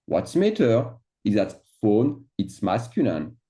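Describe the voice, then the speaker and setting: A man talks through a grammar lesson, slipping words into his English and asking "d'accord?" as he goes. His voice is low and mellow, and he moves along at an unhurried pace while he explains each form. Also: big pitch swings. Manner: mixes French into English, checks in with "d'accord?". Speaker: French teacher. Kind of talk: screen-share grammar lesson.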